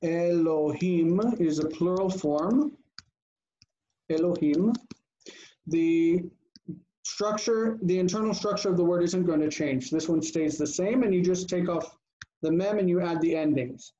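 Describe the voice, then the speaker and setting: A man teaching an online grammar lesson, drilling terms slowly and deliberately and often checking in with the class. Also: sits high, dark tone. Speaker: Biblical Hebrew teacher. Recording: dull lo-fi call audio, faint noise.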